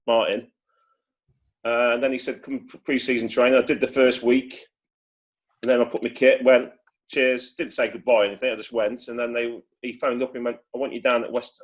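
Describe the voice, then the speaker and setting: Bloke rambling thru old footy stories on a video call, lots of restarts, ordinary pitch. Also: male voice. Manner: chatty, rambling with many restarts and acted quotes. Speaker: former footballer guest. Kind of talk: casual storytelling.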